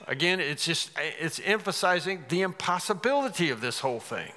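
A man preaching a sermon, earnest and emphatic, often restarting and suddenly rising in pitch and volume to stress a point. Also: expressive, moderate pace, few pauses, pushed and bright, in a large hall.

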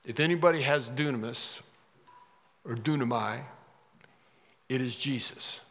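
A man delivers an expository sermon at a middle pitch, his voice trailing off into the long reverb of a large hall. He builds to sudden, emphatic rises whenever he quotes scripture. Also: unhurried, fairly bright tone. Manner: expository preaching, dramatic rises when quoting scripture. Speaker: preacher.

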